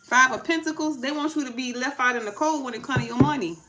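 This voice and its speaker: Woman, casual tarot reading, high-pitched, emphatic, preachy. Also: quick pace, over music. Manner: emphatic, preachy, talks back to her own points. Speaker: tarot reader.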